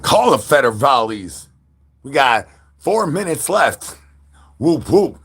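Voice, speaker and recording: A man's voice: mid-range voice, very animated, takes it slowly, creaky, a bit bright, slight background noise. A man chatting with viewers on a livestream while standing outdoors, playful and full of goofy catchphrases and animal noises.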